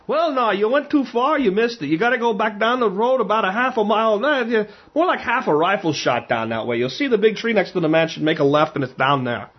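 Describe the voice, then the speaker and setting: Man doing a Pennsylvania Dutch farmer, old, folksy, husky, plainspoken, dull lo-fi sound. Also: high voice, lively intonation, a little fast, few pauses, voice pushed up. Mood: helpful.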